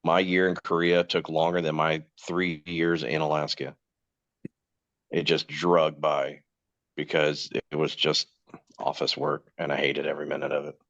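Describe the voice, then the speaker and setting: A man in his forties with a very low, deep voice rambles through anecdotes in casual podcast chat, slipping into other people's voices as he quotes them. The recording is dull and lo-fi, with a dry, close sound and no room echo. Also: flat delivery, measured pace, vocal fry, fairly bright tone. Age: 40s. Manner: rambling anecdotes acting out quoted dialogue, laughs often. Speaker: podcast guest host.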